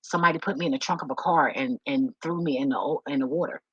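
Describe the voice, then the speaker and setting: Low-pitched and quick, a slightly rough-voiced woman vlogs candid personal stories directly to the camera. She's blunt and full of curses, repeats words when she gets emotional, and the sound is dry and lo-fi.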